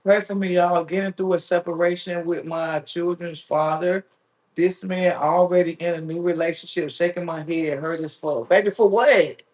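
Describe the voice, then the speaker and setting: On his live stream, a man reads viewer comments aloud and pokes fun at his audience in a relaxed, playful way. He talks at a normal speed, his voice sitting high.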